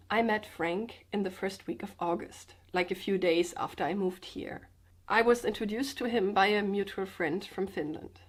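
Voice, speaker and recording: A sick woman vlogger talking in a subdued, slightly sedated way, halting and restarting as she speaks from the floor at home. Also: mid-range voice, breathy edge. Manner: halting, hesitant, with many restarts. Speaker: comedian and vlogger. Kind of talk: personal confessional vlog. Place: indoors, sitting on the floor with pillows.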